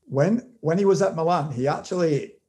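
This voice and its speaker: A man co-hosting a casual podcast, speaking over a video call in a knowledgeable, measured way with frequent restarts. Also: fairly high pitch, mellow. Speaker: podcast co-host and football analyst. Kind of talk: casual chat, detailed analysis.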